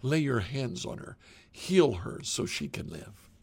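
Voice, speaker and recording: A man's voice: medium pitch, sing-song, unhurried, gravelly, slightly rough, full character voice. A man reading a desperate pleading father. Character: desperate father, a synagogue leader.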